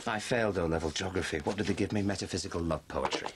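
An actor playing a bitter, sarcastic middle-aged husband facing a separation, in a TV drama. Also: male voice, low voice, quick pace, noisy background, lightly acted.

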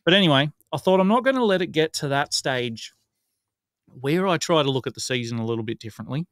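A man's voice: a little high, animated, fast, a bit bright, no room sound, clean studio sound. A man co-hosting a casual sports podcast, rattling off stats and joking about himself. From Australia. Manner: chatty, rattles off stats, self-mocking. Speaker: podcast co-host.

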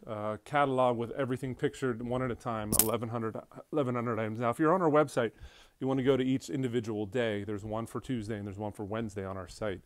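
A man's voice: medium pitch, steady tone, quick pace, slight background noise. A man from an auction house narrating a casual walkthrough video of a large showroom, chatty and enthusiastic, with frequent fillers and restarts.

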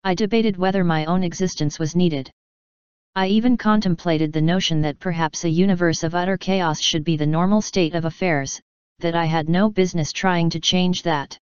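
A woman's voice: on the low side, steady tone, moderate pace, darkish tone, smooth, no room sound, muffled recording, natural voice. A woman voicing an earnest, reflective female being who is a living story, in a storybook reading. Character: sentient female story narrative, calm and wise.

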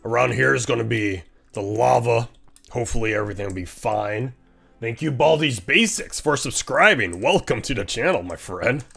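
A man in the middle of his range comments on his game play in a loose, excitable way. His voice has a gravelly, fried edge and a bright, forward tone. He laughs often and teases the other players, with faint music playing behind him. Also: medium pitch, moderate pace. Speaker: streamer. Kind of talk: casual gameplay commentary.

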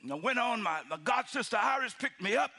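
High-pitched husky pastor telling a story. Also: male voice, quick pace. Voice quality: husky, animated delivery with acted-out voices. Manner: swings from loud shouted lines to hushed near-whispers. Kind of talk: storytelling sermon.

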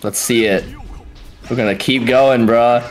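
A tournament commentator doing excited fighting game play-by-play, yelling and swearing at big moments, then breaking the action down quickly in between. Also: medium pitch, soft background music. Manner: explosive yelling and swearing, frequent exclamations; calmer fast breakdowns between outbursts.

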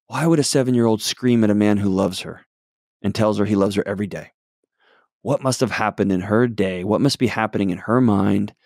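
A middle-aged man talking as a guest expert, telling stories emphatically with sudden jumps up and drops to soft low tones. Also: a little fast, gravelly, no room sound, studio quality. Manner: emphatic, swings between loud excited and soft low tones. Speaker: guest mental health expert. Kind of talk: animated storytelling in conversation.

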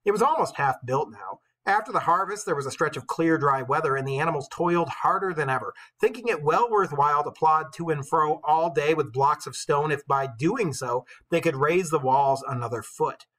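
A male teacher reading a novel aloud with expressive storytelling, pausing to comment for his class. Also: fairly high pitch, rough recording.

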